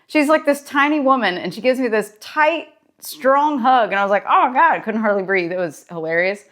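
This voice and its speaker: A woman's voice: fairly high pitch, lively intonation, fairly quick, a bit bright. A woman therapist talking in a casual daily vlog, chatty and encouraging as she tells a story, wearing a personal mic.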